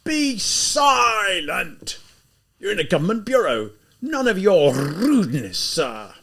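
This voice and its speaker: A man's voice: fairly high pitch, expressive, normal speed, voice pushed up. A man doing a bawling, hot-tempered lieutenant. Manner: shouting, bullying. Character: quick-tempered male police lieutenant, outraged, bawling.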